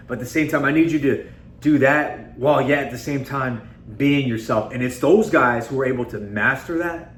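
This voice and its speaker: Emphatic man in an echoey room. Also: mid-range voice. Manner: conversational and emphatic, repeatedly addressing viewers as guys. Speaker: self-improvement video host. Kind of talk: casual motivational talk to camera. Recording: echoey room with faint background noise.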